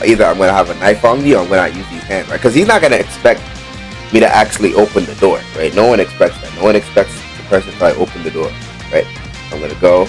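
A man giving excitable let's play commentary on a horror game, talking back to the game and swinging between boasting and panic. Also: sits low. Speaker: gaming YouTuber.

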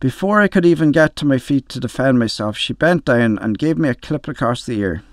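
A man's voice: medium pitch, animated, a little fast, no echo, clean studio sound. An older man narrating a short story in a wry storytelling manner. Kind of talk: audiobook story reading.

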